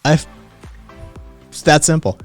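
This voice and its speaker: A brash livestream host talks back to his viewers loosely and teasingly, swearing freely and needling the people he responds to. He speaks at a slow pace, with faint music playing low behind him.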